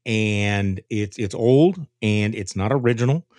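A man's voice: on the low side, a little slow, a little mellow, no echo. A man hosting a political podcast, telling stories in a folksy way with many restarts and fillers. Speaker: podcast host.

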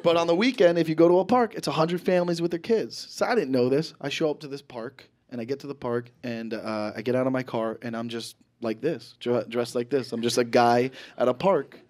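A young man performing a stand-up comedy set on a club stage, animated and swearing, acting out his friends. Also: medium pitch. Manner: animated, swears a lot, acts out friends in quick voices. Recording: live club audience in background.

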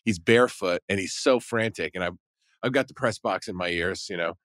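A man with a very deep voice tells a rambling story and acts out what people said along the way. He speaks close to the mic in a dry space, in the manner of a podcast regular. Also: fairly quick, a bit bright, dry recording. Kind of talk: casual anecdote telling.

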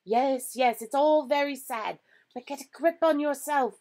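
A woman's voice: sits high, unhurried, darkish tone, voice pushed up. A woman voicing a stern, elderly witch teacher who talks sharply in a clipped, hissing way. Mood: scolding.

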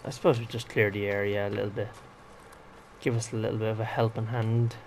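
A man's voice: lowish voice, level tone, fast talker, slight background noise. A man, rambling and exclaiming to himself as he comments on a video game. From Ireland. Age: 20s. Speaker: gaming vlogger. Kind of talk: casual gameplay commentary.

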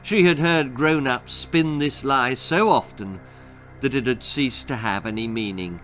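A middle-aged man narrating his own children's story in an expressive, dramatic way. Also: medium pitch, measured pace, faint music behind.

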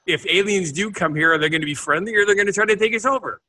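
Man, bright clear tone, slightly high, podcast co-host, explains and reads facts. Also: fast, slight background noise. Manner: explanatory, searches for words. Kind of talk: casual chat, reading out facts.

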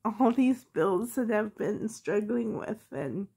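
A woman with a cold, sounding hoarse, chatting casually to her viewers in a vlog and laughing often. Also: mid-range voice, lively intonation, slow pace, mellow. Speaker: reborn doll hobby vlogger.

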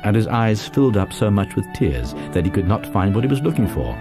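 A man narrating a literary audiobook in a measured, lively reading. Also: fairly low pitch, over music.

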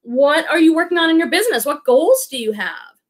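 A woman's voice: high-pitched, expressive, a little fast. A woman hosting a live reselling stream in a bubbly, enthusiastic chat, a little out of breath. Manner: bubbly, enthusiastic, addresses viewers as friends. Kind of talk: chatty livestream hosting.

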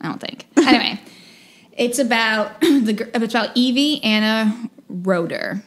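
A woman's voice: fairly high pitch, measured pace. Chatty American woman podcaster. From United States. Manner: rambling, chatty, laughs often. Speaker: podcast co-host. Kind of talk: casual true-crime podcast chat.

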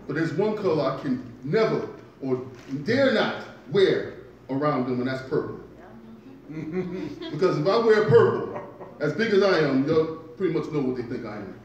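A man doing a stand-up comedy set in a club, telling stories with deliberate delivery and punchy asides. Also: on the high side, lively intonation, darkish tone. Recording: echoey club from far off.

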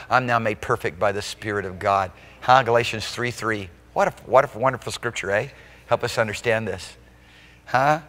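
A man preaching a sermon as pastor at a live church service. He swings between loud, emphatic exclamations and soft, intimate asides, often checking in with the congregation. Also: medium pitch, a little fast, big-room sound. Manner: rhetorical check-ins with the congregation.

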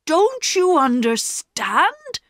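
A woman voicing a proud, poor working man who speaks slowly and stubbornly, in a storybook reading. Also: sits high, very animated, fairly bright tone, no echo, studio quality, pitched above the performer's own voice, heavily acted. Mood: angry. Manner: slow, stubborn, heavy emphasis.

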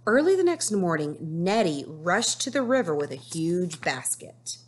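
A woman teacher reading a picture book aloud to children, slow and expressive, stopping to ask the class questions. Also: fairly low pitch, slightly rough. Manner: slow, expressive storytelling with asides to pupils.

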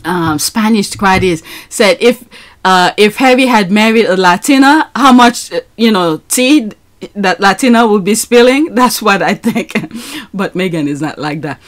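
A woman's voice: mid-range voice, lively intonation, a little slow. A woman hosting a reaction podcast, laughing often and sounding incredulous as she reads listener comments aloud. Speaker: podcast host reacting to clips.

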